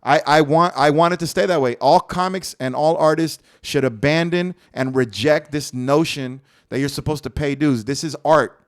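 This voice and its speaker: A man in a loose podcast conversation makes his case with heat and plenty of cursing. His voice sits slightly high, and he hammers his points home with conviction. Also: normal speed. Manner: impassioned, profane, emphatic. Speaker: stand-up comedian and podcast co-host. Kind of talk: casual podcast debate.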